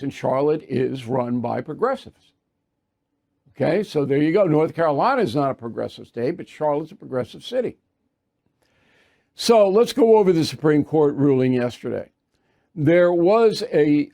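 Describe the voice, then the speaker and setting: Male commentator, mid-high voice with a dark, mellow tone; emphatic, repetitive opinion delivery. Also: vocal fry. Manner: emphatic, repetitive, sarcastic asides. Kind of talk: opinion monologue.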